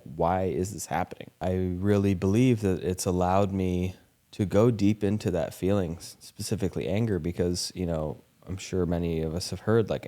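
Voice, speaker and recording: A man's voice: low voice, dark tone. A young adult man hosting a podcast, talking candidly and animatedly, acting out quoted voices and swearing casually. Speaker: podcast host.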